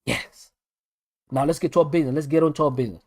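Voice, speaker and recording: A South African maths tutor runs a live online lesson, animated and speaking directly to his viewers while he repeats each step. His voice sits on the high side and he talks fast, with no room sound in the recording.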